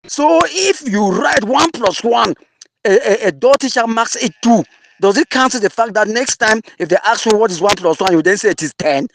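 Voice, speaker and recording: A man's voice: sits high, slight background noise. A man with a Cameroonian English accent mixing in Pidgin, angrily insulting an opponent in an online audio debate. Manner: angry, insulting, mocking.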